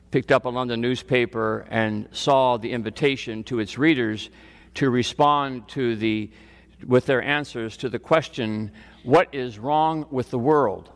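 A man preaching a sermon as pastor, slow and deliberate with long pauses, recorded in a church sanctuary. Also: medium pitch, vocal fry, long reverb tail.

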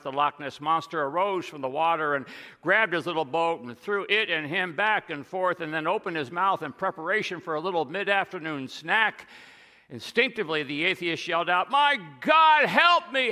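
A man preaching a sermon, retelling stories and dropping to a hush on key lines. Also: fairly high pitch, big-room sound. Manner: storytelling, drops to a soft hush on key lines.

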